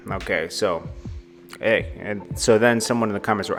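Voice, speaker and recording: A man's voice: on the low side, steady tone, a little fast, soft background music. A man hosting a celebrity news vlog, reading out quotes and giving casual, amused commentary with chuckling asides.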